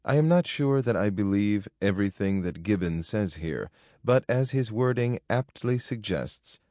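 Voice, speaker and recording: Man, low pitch, dry studio sound, measured formal nonfiction narration. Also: a little mellow, no room sound. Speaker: audiobook narrator. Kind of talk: scripted narration of a nonfiction book.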